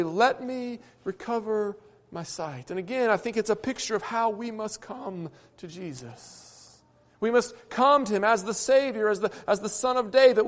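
A man with a high voice preaches a sermon in an earnest way, often stumbling and repeating words as he builds his points. His voice rings out with a long reverb through a church sanctuary.

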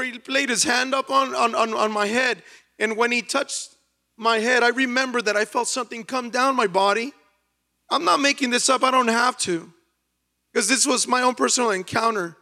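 A man's voice: extremely high pitch, sharp tone. A man preaching a sermon and sharing a personal testimony, fervent and repetitive, building to near-sung emphasis.

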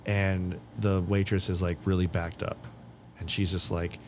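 Rambling man with a lowish voice. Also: level tone, measured pace, darkish tone, a little hiss or hum. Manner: rambling storyteller, acts out quotes. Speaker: podcast co-host. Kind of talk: casual chat.

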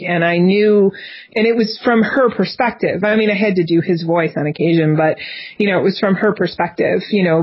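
A woman's voice: medium pitch, muffled recording. A woman author talking casually in an interview, rambling a little with frequent restarts. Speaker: author guest.

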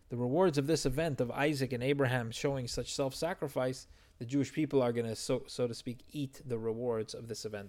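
A man's voice: medium pitch, a little mellow. A man teaching a verse-by-verse Torah text study, explaining and translating Hebrew phrases as he goes.

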